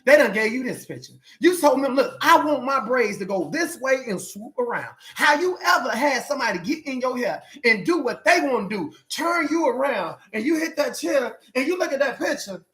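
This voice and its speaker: A man's voice: high-pitched, fairly bright tone. A man preaching a motivational message, exhorting listeners in a colloquial call-and-response way. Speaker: life coach preacher.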